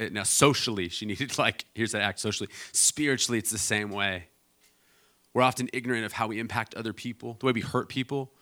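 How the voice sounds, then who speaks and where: A male pastor preaching a sermon in a relaxed, storytelling way, with lots of fillers and restarts. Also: mid-range voice. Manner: storytelling, conversational with many fillers.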